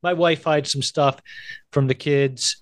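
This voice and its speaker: A middle-aged man co-hosting a casual chat, animated and quick to act out quoted voices. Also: no room sound, clean studio sound. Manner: animated, acts out quoted voices in a high pitch. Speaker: podcast co-host.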